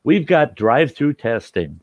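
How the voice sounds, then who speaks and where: A man's voice: mid-range voice, very animated, unhurried, a little mellow, dry recording, muffled recording. A man from the United States hosting a talk show, arguing insistently and repeating his points. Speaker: host. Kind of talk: heated casual debate.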